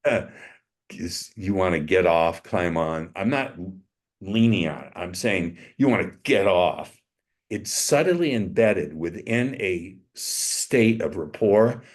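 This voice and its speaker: Very low-voiced man, slow suggestive delivery. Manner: slow, suggestive storytelling with stretched emphasis. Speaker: interview guest, dating coach. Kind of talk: interview, demonstrating hypnotic language patterns.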